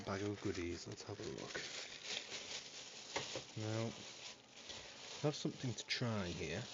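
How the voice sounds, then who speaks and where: A man's voice: lowish voice, a little slow, lo-fi sound, heavy background noise. A man casually streaming and commentating a sim racing league, cheeky and swearing constantly. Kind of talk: casual livestream chat. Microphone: headset.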